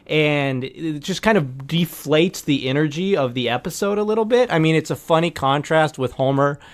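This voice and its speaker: A man's voice: fairly high pitch, lively intonation, normal speed. A man hosting a podcast, chatting casually and analytically about a cartoon episode. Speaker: podcast host.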